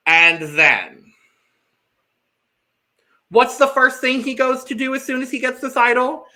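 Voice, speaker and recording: High, bright, unhurried woman co-host. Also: level tone. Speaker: podcast co-host. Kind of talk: casual reality-show recap chat.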